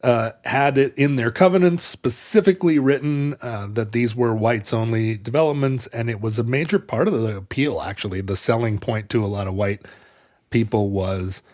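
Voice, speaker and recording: In a casual chat, a male podcast co-host talks through history at length in a winding, explanatory way. He speaks at normal speed in a mid-range voice with a darkish tone.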